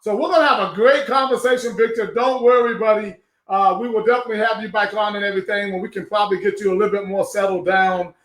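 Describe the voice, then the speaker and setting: A man hosting a live online show, talking with loud, emotional enthusiasm. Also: sits high, steady tone, fast talker, reverberant. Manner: effusive, emotional, loud exclamations.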